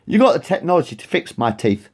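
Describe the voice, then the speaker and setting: A man's voice: on the high side, very animated, fast talker, breathy edge. A man venting in a rambling, profane rant to camera, angry and repeating himself. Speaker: vlogger. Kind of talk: ranting monologue to camera.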